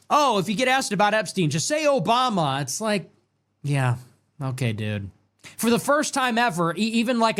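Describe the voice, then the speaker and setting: Young male commentary host, highish voice, sarcastic and emphatic monologue. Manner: sarcastic, emphatic, swings from loud jabs to low mutters. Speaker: political commentary show host. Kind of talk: ranting political commentary monologue.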